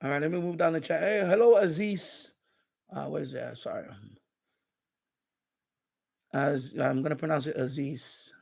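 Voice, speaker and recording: A man's voice: a little high, normal speed, vocal fry, long pauses. A man hosting a live stream, chatting casually and rambling, with many restarts and repeated phrases.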